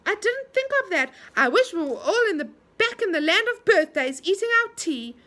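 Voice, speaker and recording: Woman as eager curious storybook girl, very high and bright. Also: big pitch swings, normal speed, heavily acted.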